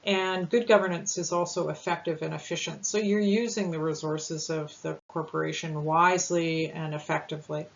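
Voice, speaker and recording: A woman presenting a candidate information session in a measured manner, with frequent ums and uhs. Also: deep voice, steady tone, vocal fry. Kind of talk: informational talk. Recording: dull lo-fi sound with faint hiss.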